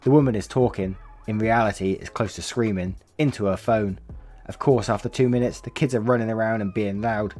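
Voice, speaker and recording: A low-voiced man narrates stories from an online forum, throwing himself into the shouted quotes with sharp leaps in pitch. Between stories he drops into relaxed commentary and chuckles along, with quiet music under his voice. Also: a little fast. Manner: reads expressively, acting out the angry quotes with big pitch jumps; chuckles through his own asides. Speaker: reddit story narrator. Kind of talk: reading online stories aloud with casual commentary. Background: faint background music.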